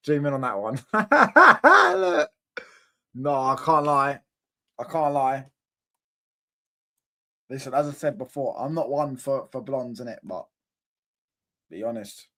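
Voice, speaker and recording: A man's voice: mid-range voice, very animated, slow pace, creaky, pauses often, bright, forceful tone. Young man, rambling stream chat. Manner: rambling, slangy, repeats himself, laughs often. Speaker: livestream host. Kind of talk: casual livestream chat reacting to viewer comments.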